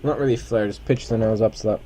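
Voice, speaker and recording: A man's voice: fairly low pitch, fairly even intonation, fast talker, noisy background. A man giving casual, rambling commentary while playing a flight simulator. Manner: rambling, chatty asides with self-corrections.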